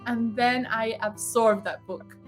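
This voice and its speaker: A woman's voice: on the high side, steady tone, slow pace, soft background music. A woman telling a personal spiritual story in a casual, emotional way, often laughing and acting out the voices of others. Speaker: guest sharing spiritual story.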